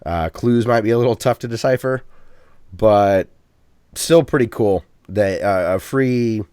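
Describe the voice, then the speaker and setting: A man's voice: lowish voice, a little mellow, clear, resonant tone, no room sound. Easygoing male podcast host, dry sound. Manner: easygoing, halting, with frequent restarts. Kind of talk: casual gaming podcast chat.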